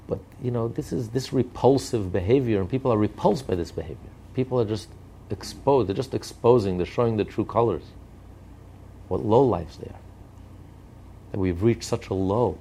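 Male commentator, gravelly, mellow-toned, insistent repetitive delivery. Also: fairly low pitch, moderate pace, slight background noise. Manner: emphatic, repetitive rhetorical lists. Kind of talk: impassioned political commentary.

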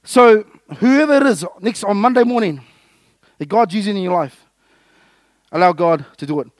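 A man preaching a lively, jokey sermon, acting out little scenes as he goes. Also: sits high, normal speed, no echo. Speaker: pastor.

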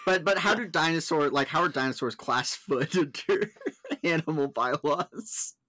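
A man's voice: a little high, animated, normal speed, pushed and bright, no echo. A man talking casually about a film, rambling and restarting with lots of fillers.

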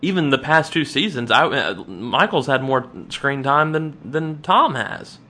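A man co-hosting a podcast in casual chat, ranting with frequent restarts and sudden jumps up in pitch. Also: unhurried. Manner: animated, restarts often, rants with rising pitch. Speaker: podcast co-host.

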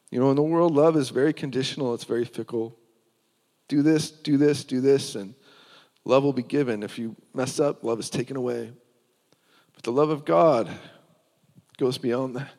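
A man's voice: mid-range voice, darkish tone, in a large hall. A man preaching, telling his personal testimony in an earnest storytelling way.

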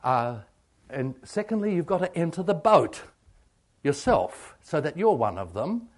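A man preaching a sermon on meditation, halting with many ums and asking rhetorical questions. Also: on the high side, sing-song. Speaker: pastor.

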